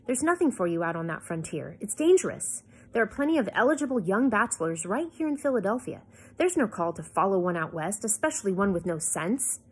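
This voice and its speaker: A gruff, stern old-time doctor father, as a woman reads him aloud from a storybook. He scolds in a harsh, emphatic way, and the voice stays breathy and slightly husky throughout. The pitch sits in a middle range. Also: very animated, a little fast, darkish tone. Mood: weary.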